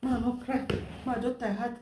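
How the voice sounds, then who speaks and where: A woman's voice: fairly high pitch, little pitch movement, normal speed, mellow, recorded from a distance, a little hiss or hum. Laughing Nigerian woman in an echoey room. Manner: laughs often, mixes Pidgin into English. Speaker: vlogger. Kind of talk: casual unboxing vlog.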